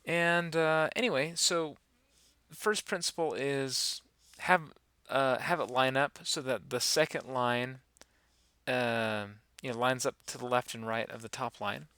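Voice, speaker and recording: A man giving a relaxed, rambling software tutorial, talking through each step with many fillers. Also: medium pitch, unhurried, clean tone, no room sound. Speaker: animation instructor. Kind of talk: screen-recorded software tutorial.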